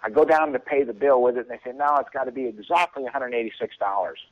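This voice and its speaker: A man calls in to a radio show and tells a long story at a relaxed, mid-range pitch. He chuckles between lines and acts out what people said to him. The phone line sounds muffled and dull. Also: fast talker, a little hiss or hum. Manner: chuckling, acts out quoted voices. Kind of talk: casual storytelling.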